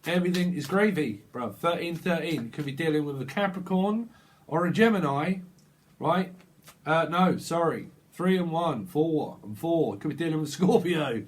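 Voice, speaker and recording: A man's voice: on the high side, lively intonation, measured pace. A man giving a casual, improvised tarot reading. He rambles playfully, chuckling and riffing on wordplay. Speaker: tarot reader.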